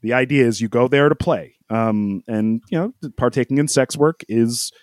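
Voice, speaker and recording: A man of middle pitch tells a story in a loose, rambling way, full of fillers and small laughs. He slips into the voices of the people he quotes. The sound is dry and close. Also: moderate pace, a little mellow, dry recording. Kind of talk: casual storytelling.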